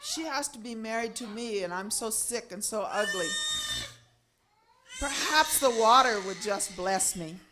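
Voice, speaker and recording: A humble, ailing husband from a spoken folk tale, thinking aloud in a wistful voice with a tearful catch, as a woman storyteller puts him on. Sorrowful and quietly hopeful by turns. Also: on the high side, lively intonation, a little slow, noisy background.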